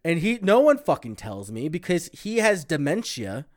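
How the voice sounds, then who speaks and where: A man's voice: a little high, big pitch swings, normal speed. Blunt, profane podcast man. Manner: blunt, profane, exaggerated rants. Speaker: podcast co-host. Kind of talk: casual chat.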